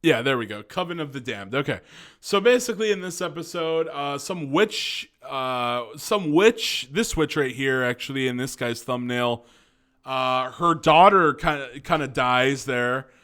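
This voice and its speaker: A man's voice: medium pitch, animated, measured pace, bright, forceful tone. A young man giving casual, rambling commentary as a video reviewer, chatty and profane, laughing often and stumbling over words. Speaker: YouTube show reviewer.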